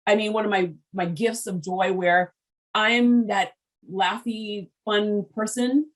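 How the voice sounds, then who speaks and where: A woman hosting an interview show, chatty and frank, quick to laugh. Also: mid-range voice, fairly even intonation, poor audio. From Haitian background. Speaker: podcast host. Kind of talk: casual interview chat.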